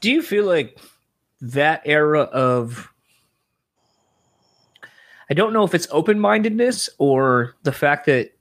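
A man's voice: a little high, lively intonation, takes it slowly, long pauses, fairly bright tone. A man, hosting a casual chat, rambling and reflective with lots of "you know" and "like.". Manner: rambling, reflective, many fillers.

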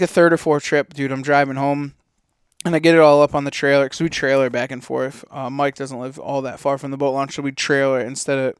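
A man's voice: mid-range voice, clear, resonant tone, no room sound, clean studio sound. A man co-hosting a podcast, telling rambling casual stories packed with fillers and swearing. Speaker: podcast co-host. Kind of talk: casual storytelling.

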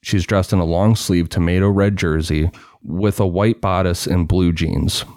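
Deep-voiced man narrating true crime. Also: fairly even intonation, unhurried, darkish tone, no echo, studio quality. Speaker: podcast host.

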